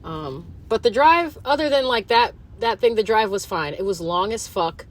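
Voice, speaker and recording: A woman's voice: mid-range voice, expressive, moderate pace. A woman hosting her own podcast, talking alone in a casual, rambling way, swearing often and using lots of fillers. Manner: rambling and profane, full of fillers. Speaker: podcast host. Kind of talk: casual solo monologue.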